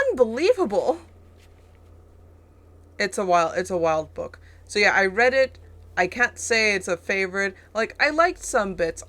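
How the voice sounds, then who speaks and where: A woman's voice: medium pitch, bright, forceful tone. A young woman streaming a game, chatting and rambling, with frequent swearing. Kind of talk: let's play commentary.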